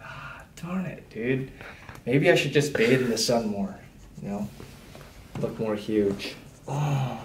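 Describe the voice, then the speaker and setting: A man's voice: mid-range voice, expressive, takes it slowly, long pauses. A young man vlogging with friends, joking around in slang and showing off his muscles, filmed by a friend's camera. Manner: laid-back, slangy, flexing and joking about his muscles. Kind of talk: casual vlog chat with friends. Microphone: camera held by a friend. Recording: echoey and distant from the camera, with some background noise.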